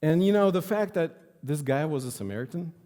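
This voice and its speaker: A man's voice: a little high, expressive, fairly quick, mellow. A male pastor preaching a sermon in a church sanctuary, earnestly repeating phrases for emphasis. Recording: long reverb of a church hall.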